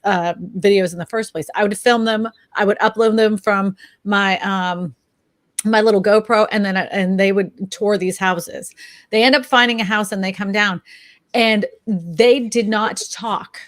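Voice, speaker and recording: A woman's voice: mid-range voice, dry recording. A woman in her thirties co-hosting a casual chat, telling stories and acting out what people said. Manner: animated storyteller, acts out quotes. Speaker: real estate agent, co-host.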